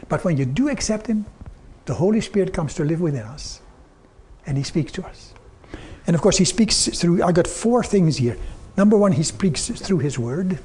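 An older man preaching a sermon, telling personal stories earnestly and quoting others in a softer, lower tone. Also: animated, normal speed, breathy edge. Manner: earnest storytelling, quoting God and people in softer lower tones.

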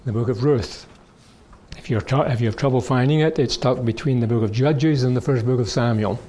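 A middle-aged male pastor reading scripture aloud in a sermon, slow and measured in the readings and chatty in the asides. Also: mid-range voice, mellow. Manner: reads scripture slowly, chats between passages.

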